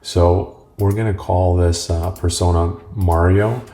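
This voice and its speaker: Deep, gravelly male tutorial host. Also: unhurried, slight background noise. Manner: relaxed, rambling, with uh fillers. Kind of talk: casual tech tutorial.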